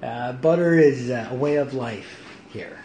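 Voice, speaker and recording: A middle-aged man chatting casually on a home livestream, lively and quick to laugh. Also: medium pitch, a crowd in the background. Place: home kitchen. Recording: echoey room, faint hiss.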